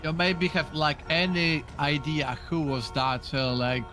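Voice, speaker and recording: A man's voice: fairly high pitch, unhurried, music in the background. Hesitant man playing a questioning cop. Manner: hesitant, questioning, many fillers. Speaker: police officer in role-play. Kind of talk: in-character game role-play.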